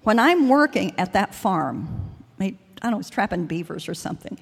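A woman's voice: mid-range voice, very animated, normal speed, creaky, few pauses, slightly rough. An older woman giving an earnest sermon and personal testimony at a church service, rambling at times with restarts and fillers. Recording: long hall reverb.

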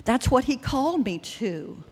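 A woman's voice: sits high, big pitch swings, a little slow, darkish tone, slightly rough. Older lady preaching at church, earnest, rambly, lots of restarts, big echoey hall. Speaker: speaker at a church service. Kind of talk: sermon with personal testimony. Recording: long hall reverb.

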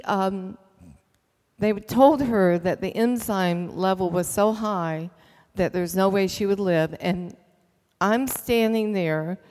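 A middle-aged woman shares a personal faith testimony in an earnest, storytelling way, pausing on small fillers. Her voice sits at an ordinary middle pitch. The sound trails off in the long reverb of a large hall. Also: darkish tone. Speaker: speaker giving testimony.

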